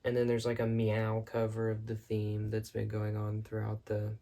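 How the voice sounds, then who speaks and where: A man rambling excitedly about a film in his bedroom at night, breaking off with quick apologies. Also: fairly low pitch, creaky. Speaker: vlogger reviewing a film. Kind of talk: rambling casual monologue.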